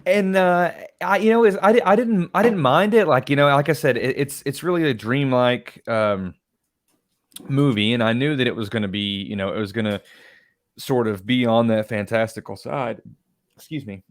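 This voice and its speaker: A man co-hosting a casual film talk podcast, rambling and profane, his voice often trailing off quietly. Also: mid-range voice, moderate pace, no echo, clean studio sound. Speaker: podcast co-host.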